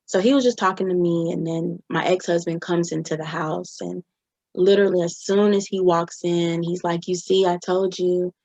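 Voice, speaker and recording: A woman's voice: lowish voice, fairly even intonation, normal speed, creaky, a little mellow, dry recording, dull audio. A young adult woman recounting her own experiences in an interview, often voicing what others said. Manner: recounting events with quoted dialogue. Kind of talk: personal testimony.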